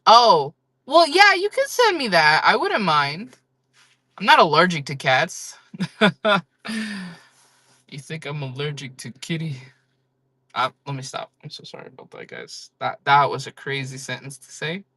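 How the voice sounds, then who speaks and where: A woman's voice: low-pitched, very animated, normal speed, bright, forceful tone, no echo. A woman chatting casually on a live-selling stream, joking, rambling and laughing often.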